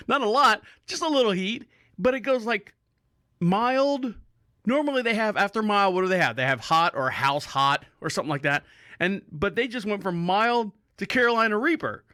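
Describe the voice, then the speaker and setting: A podcast host tells a rambling story in casual talk, swearing freely and laughing often. His voice is high with a sharp, clean tone, captured as a dry, clean studio recording.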